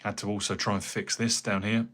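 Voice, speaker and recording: An English man with a somewhat low voice chats casually on a live stream. He rambles from one thing to the next and answers viewers by name as he works as a carpenter. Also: flat delivery, brisk, a bit bright. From England. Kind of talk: casual livestream chat.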